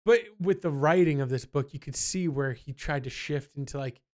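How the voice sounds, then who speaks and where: A young man chatting casually on a podcast, telling stories with lively asides. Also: on the high side, normal speed. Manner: animated storyteller, mimics people in quotes. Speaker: podcast co-host. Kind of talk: casual chat.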